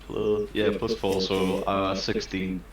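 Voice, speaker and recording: A woman player at a tabletop game, thinking aloud slowly about her rolls. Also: rumbling low, flat delivery. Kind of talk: casual chat. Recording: echoey distant mic with noise.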